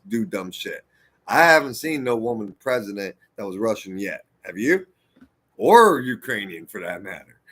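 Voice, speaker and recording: A man from the United States talking straight to his viewers in a heated, profane monologue, swinging between loud outbursts and muttered asides. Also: on the low side. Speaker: vlogger. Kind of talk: impassioned monologue to camera.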